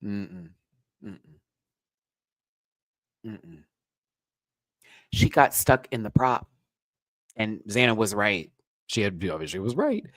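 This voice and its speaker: A man hosting a live review show, ranting bluntly and with swearing, his voice swinging from quiet mutters to loud high outbursts. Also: big pitch swings, takes it slowly, long pauses, dry recording, low-quality recording. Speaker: drag race reviewer and channel host.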